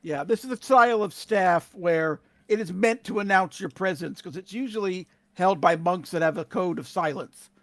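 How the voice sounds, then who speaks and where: A man's voice: high voice, normal speed, a bit bright, dry recording. A man playing a tabletop game, describing his character's moves in detail and laughing easily. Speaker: player.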